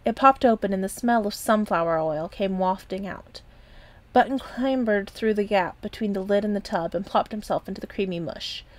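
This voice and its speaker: A woman reading a children's chapter book aloud in a gentle voice. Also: mid-range voice, normal speed. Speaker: storyteller.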